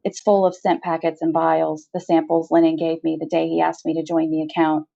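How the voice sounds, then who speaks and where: A woman author reading her own first-person short story in a steady, measured narration, heard on a slightly dull lo-fi recording. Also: sits low, vocal fry.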